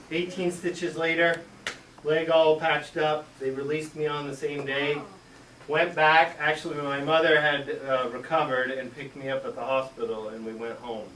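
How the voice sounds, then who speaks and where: A man, a school superintendent, telling a childhood story to schoolchildren and acting out the yelps and shouts. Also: fairly high pitch. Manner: animated, acts out yelps and shouts. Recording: echoey room, mic far off.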